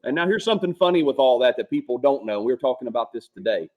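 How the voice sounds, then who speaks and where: A man, a former Marine sergeant, telling profane, animated stories from his service days. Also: medium pitch, fast talker, phone-quality sound. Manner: profane, animated war storytelling. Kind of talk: casual storytelling.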